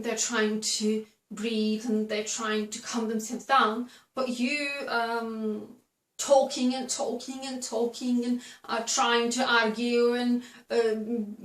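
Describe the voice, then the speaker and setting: Woman host, unhurried talk to camera with lots of ums and restarts, roomy echo. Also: a little high, fairly bright tone. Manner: slow, halting, many fillers and restarts. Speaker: video host giving advice. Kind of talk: casual instructional talk to camera. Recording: echoey room.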